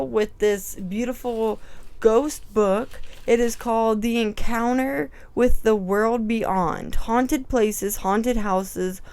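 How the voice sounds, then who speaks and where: A woman vlogging casually on a house tour, chatty and animated, with emphatic asides and nervous laughs, on a clip-on microphone. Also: on the high side, clean tone.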